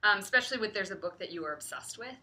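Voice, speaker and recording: Young woman co-host, upbeat chatty delivery, very bright voice. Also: medium pitch, lively intonation, rapid-fire. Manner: upbeat, chatty, laughing along. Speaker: publisher livestream co-host. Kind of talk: casual chat.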